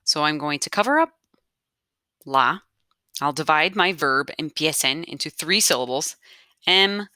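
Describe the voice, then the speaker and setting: A woman's voice: deep voice, animated, moderate pace, pauses often, bright, forceful tone, no echo, clean studio sound. A woman teaching a grammar lesson step by step, patiently explaining aloud as she marks up her notes. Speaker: Spanish teacher.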